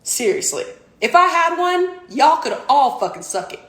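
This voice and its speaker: A young woman in her twenties with a high voice holds forth on a phone livestream. She rants in a profane, emphatic, preachy way, a professional athlete airing her grievances. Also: big pitch swings, normal speed, a bit bright. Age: 20s. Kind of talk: livestream rant.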